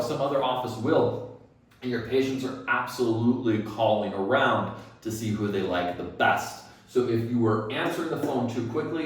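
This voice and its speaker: A man's voice: lowish voice, far from the mic. A man teaching dental staff phone skills, emphatic, asking and answering his own questions. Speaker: dental practice phone coach. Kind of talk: instructional talk. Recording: very echoey room, set back from the mic.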